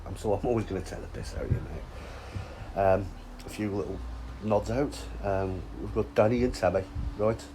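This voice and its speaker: A man's voice: lowish voice, moderate pace, hardly any pauses, noisy background. A man chatting casually outdoors by a fishing lake, with sweary, teasing banter. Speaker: angler and vlog host. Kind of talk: casual chat.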